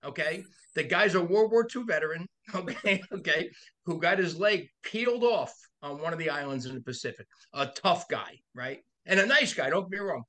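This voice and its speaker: A man with a bright, forceful voice, pitched a little high for a man, spins a profane anecdote in loose podcast chat. He laughs through his own stories and jumps into other people's voices as he tells them. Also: expressive, moderate pace. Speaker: body shop owner and podcast guest. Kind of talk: casual storytelling chat.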